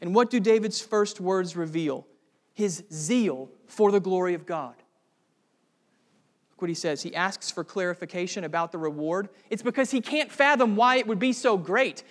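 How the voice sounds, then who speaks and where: Male pastor with a high voice, earnest sermon delivery that rises to fervent emphasis, long hall reverb. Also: normal speed, a bit bright.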